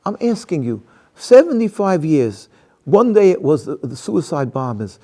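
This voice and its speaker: A man with a gravelly, dark voice argues emphatically in an interview. He, restarts his sentences often and keeps asking rhetorical questions. His pitch sits a bit above the usual for a man. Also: big pitch swings, moderate pace. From United States. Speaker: interviewee, activist. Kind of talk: impassioned interview answers.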